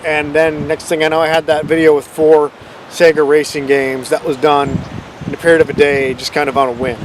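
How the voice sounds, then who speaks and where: A man's voice: fairly high pitch, little pitch movement, a little fast, a little hiss or hum, poor audio. A man hosting his own channel, rambling in a casual, self-deprecating way about how his videos came about. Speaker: channel host. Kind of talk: casual unscripted vlog rambling.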